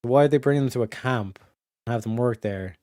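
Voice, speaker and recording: A man streaming a casual, rambling monologue, swearing constantly and full of fillers and restarts, going from emphatic to low muttered asides. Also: fairly quick, a little mellow, no room sound, studio quality. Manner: profane, filler-heavy, restarts often. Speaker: streamer hosting a study session.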